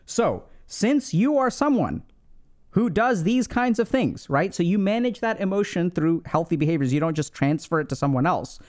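A man's voice: sits high, big pitch swings, moderate pace, darkish tone. A man hosting an advice podcast, explaining in a casual, conversational way, often checking in with "right?" and using "like" a lot. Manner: conversational, many "like" fillers and "right?" check-ins. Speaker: podcast host giving relationship advice.

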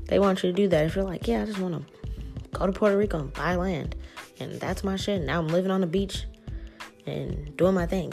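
A woman with a low, gravelly voice talks through a spiritual reading in a loose, casual way. She swears freely and slips into animated quoted reactions. Her tone is mellow and dark, with faint music playing behind her. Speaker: tarot reader.

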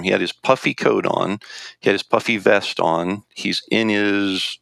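Male storyteller, deep and gravelly, casual and rambling, dry close sound. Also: moderate pace, a bit bright, no echo. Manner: rambling, with restarts and quoted dialogue. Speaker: guest recounting a hunting trip.

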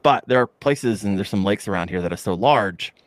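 A man hosting a podcast, chatting casually with his guests and reacting quickly to what they say. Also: on the low side, expressive, dry recording. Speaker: podcast host. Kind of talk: casual chat.

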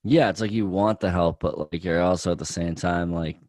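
A man with a very low, deep voice talks slowly through his thoughts, pausing and hedging often. The sound is close and dry, with no room around it. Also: fairly even intonation, darkish tone, no room sound. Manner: thoughtful and hesitant, many likes and pauses. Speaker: podcast co-host. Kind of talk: candid podcast conversation.

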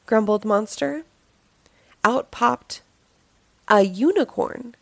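A woman reading a children's picture book aloud, telling the story in a slow, expressive way. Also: mid-range voice, no echo.

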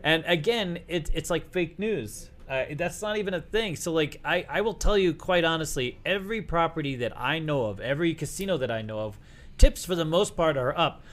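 Rambling middle-aged Boston man, higher voice. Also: animated, moderate pace, a bit bright. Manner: rambling, jokey, self-interrupting. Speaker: podcast host. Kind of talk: casual chat.

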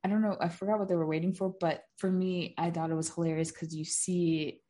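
A woman with a notably low voice talks through a movie in casual, rambling chat. She fills gaps with small hesitations as she remembers the scenes. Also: level tone, fairly quick, mellow. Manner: chatty, rambling with fillers.

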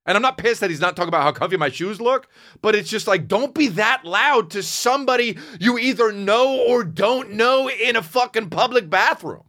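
Brief: male comedian, 30s, casual profane storyteller, very animated delivery, dry close mic. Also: high voice, moderate pace, dry recording. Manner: profane, animated, swings between mumbling and shouting.

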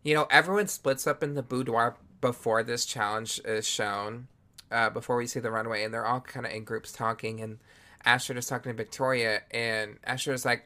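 A man's voice: medium pitch, fairly even intonation, normal speed, pushed and bright. A man co-hosting a podcast, chatting casually in a sassy, campy, blunt way while reviewing a show. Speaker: podcast co-host.

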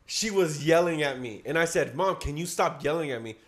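A man's voice: on the high side, expressive, brisk, crowd noise. A teenage man telling a story in casual chat among friends, swearing and laughing as he talks. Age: teens.

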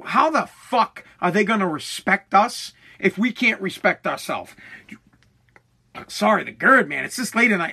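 A man's voice: high-pitched, bright, forceful tone, slightly rough. An American man delivering a heated, profanity-laced rant to his followers, often stammering and restarting his sentences. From United States. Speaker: online commentator.

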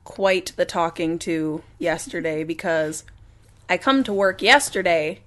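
A woman's voice: fairly low pitch, a little slow, a bit bright. A woman co-hosting a podcast and working as a teacher, chatting casually with a playful, giggly, teasing manner. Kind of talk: casual chat.

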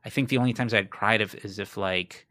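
A man from South Florida talks as a podcast guest in a low, bright, forward voice. He tells candid stories in a rambling, conversational way, circling back on his own sentences. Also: fairly even intonation, a little fast. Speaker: guest, comedian.

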